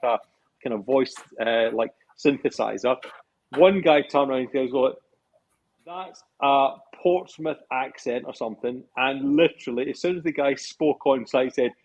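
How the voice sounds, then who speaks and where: A man's voice: medium pitch, dull audio. A man chatting casually on a podcast about running an event, often repeating himself as he starts sentences. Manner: rambling, repeats words when starting sentences. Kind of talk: casual chat.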